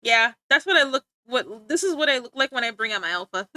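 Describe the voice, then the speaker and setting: A woman with a high, bright voice chats casually on a live stream, teasing her viewers and rambling from one thing to the next. She giggles often and trails off mid-thought. Her voice sounds dry and close, with no room echo. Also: animated, fairly quick. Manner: playful, giggly and rambling, often breaking off to laugh; joking, teasing banter with chat. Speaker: livestreamer.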